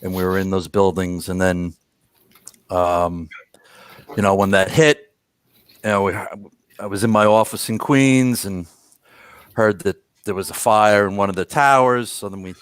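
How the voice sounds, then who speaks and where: Smooth, dry-sounding low middle-aged man. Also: a little slow, long pauses, dry recording. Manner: calm, steady recollection with frequent brief assents. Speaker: co-host on a watch show. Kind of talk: casual live-stream chat.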